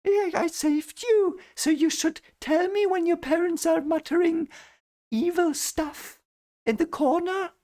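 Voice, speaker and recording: A man doing a sly falsetto witch queen. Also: unhurried, a little mellow. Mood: coaxing. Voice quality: high falsetto. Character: scheming female villain, manipulative witch queen.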